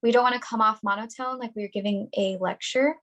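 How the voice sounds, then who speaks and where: A young woman on a video call reading a prepared workshop presentation in a clear, deliberate, instructional way. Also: on the high side, steady tone, a bit bright, low-quality recording.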